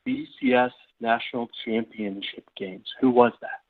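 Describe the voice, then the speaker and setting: A man calls in over a tinny phone line. He speaks playfully in folksy, old-timey Southern sayings at a middle pitch. The phone line thins out his voice. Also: wildly swooping pitch, moderate pace. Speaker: caller. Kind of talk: phone-in call.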